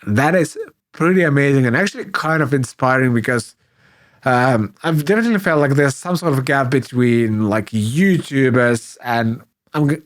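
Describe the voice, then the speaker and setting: A man co-hosting a podcast in casual chat, hoarse and sick with flu, hesitant and full of fillers. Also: medium pitch, normal speed. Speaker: podcast co-host.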